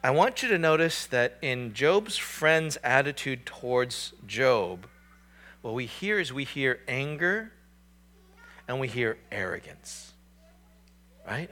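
A man's voice: mid-range voice, big pitch swings, takes it slowly, sharp tone. A man preaching a sermon in a conversational, emphatic way, often restarting his sentences. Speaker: pastor.

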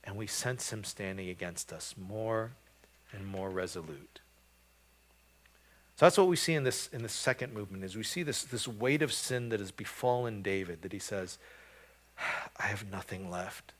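A man preaching a sermon, earnest and emphatic, often restarting phrases and building to loud, rising stretches. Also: fairly low pitch, moderate pace. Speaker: pastor.

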